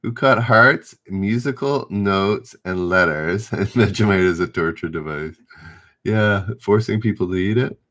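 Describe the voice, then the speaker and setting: Slow-talking man hosting live trivia. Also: low voice, a bit bright. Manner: reads questions aloud, stumbles and rereads, chats with viewers. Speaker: trivia host. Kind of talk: live-stream trivia chat.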